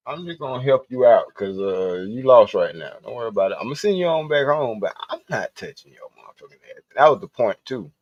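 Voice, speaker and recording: A man's voice: mid-range voice, sing-song, brisk, few pauses, no echo, dull audio. A man hosting a livestream, telling loose, profane stories with frequent laughter. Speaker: livestream host. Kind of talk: casual storytelling.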